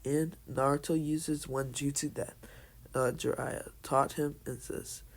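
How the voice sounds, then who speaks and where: A man telling a casual, made-up fan story in a halting way, full of restarts and fillers. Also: mid-range voice, steady tone, gravelly. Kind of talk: casual fan-fiction narration.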